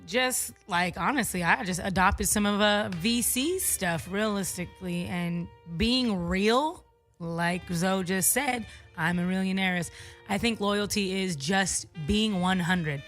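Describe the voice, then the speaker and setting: A woman with a bright, sharp voice, chatting playfully on a radio panel. Her talk is loose and slangy, with faint music playing underneath. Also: medium pitch, takes it slowly. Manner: playful and giggly. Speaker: panel guest.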